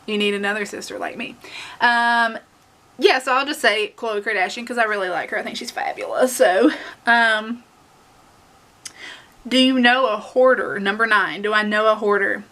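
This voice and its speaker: A woman's voice: medium pitch, normal speed, sharp tone. A young woman with a Southern US accent chatting casually to camera, rambling with lots of fillers and laughs. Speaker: beauty vlogger.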